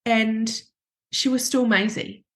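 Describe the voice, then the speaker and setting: Halting, emotional woman counselor. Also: fairly high pitch, steady tone. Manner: halting, with frequent self-interruptions and restarts. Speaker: grief counselor guest. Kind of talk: emotional personal storytelling in a podcast interview.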